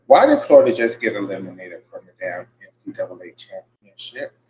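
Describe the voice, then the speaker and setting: A man's voice: deep voice, big pitch swings, fairly quick, a little mellow, muffled recording, a little hiss or hum. A man hosting a casual podcast from his workplace, venting in an exasperated, profane way and repeating himself. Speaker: podcast host. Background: faint buzzing ambience.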